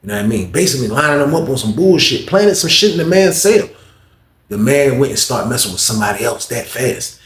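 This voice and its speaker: A man's voice: mid-range voice, sing-song, brisk, roomy sound. A man casually telling a story in a loose, slangy way, circling back and repeating himself. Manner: slangy, repetitive, acts out others' lines in a raised voice.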